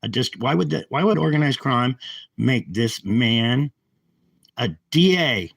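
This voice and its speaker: In an angry livestream rant, a man speaks into the phone in his hand, agitated and saying the same things repeatedly. His mid-range voice sounds gravelly, husky, and a bit bright, animated but measured, on a low-quality recording without echo.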